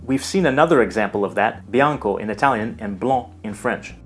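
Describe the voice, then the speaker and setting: A man giving a scripted language lesson in a measured, explanatory way. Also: on the low side, soft background music. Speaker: language teacher. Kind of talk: scripted educational narration.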